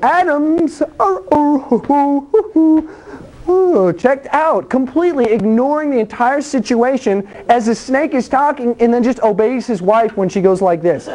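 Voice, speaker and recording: A preacher delivers a sermon in a lively, plain-spoken way. Bible scenes are acted out with funny voices and noises, and the talk stays blunt and conversational. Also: high voice, unhurried. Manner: animated storytelling with acted-out voices and sound effects.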